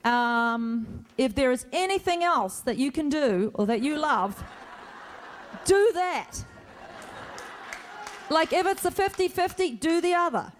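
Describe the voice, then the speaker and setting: Woman actor chatting w fans at a convention panel, kinda high voice, jokey and rambly, big hall. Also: expressive, normal speed, few pauses, slight background noise. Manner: chatty, joking, self-deprecating, restarts often. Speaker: actor guest at a fan convention. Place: large convention hall with audience.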